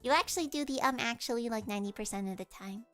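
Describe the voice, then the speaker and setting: A woman streaming, her voice sitting a little high with a nasal edge. She chats casually and explains things at length. Soft background music plays faintly behind her. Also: fast talker. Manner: chatty, explains with vocal demos.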